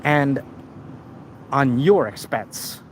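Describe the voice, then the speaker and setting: A man's voice: mid-range voice, lively intonation, drawn-out words. Rambling man over street noise. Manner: rambling, stumbling restarts and repeats. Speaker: live streamer. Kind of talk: casual storytelling to a live chat.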